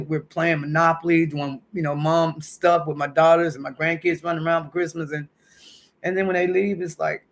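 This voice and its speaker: A woman in her fifties hosting a casual home livestream, chatty and emotional, calling her viewers honey and baby. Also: low-pitched. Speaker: livestream host. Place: at home indoors.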